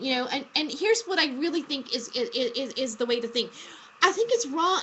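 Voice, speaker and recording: A woman's voice: high voice, brisk, bright, forceful tone, dull audio, a little hiss or hum. A woman co-hosting a casual talk show, rambling with many fillers and restarts. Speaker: podcast host. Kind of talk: casual chat.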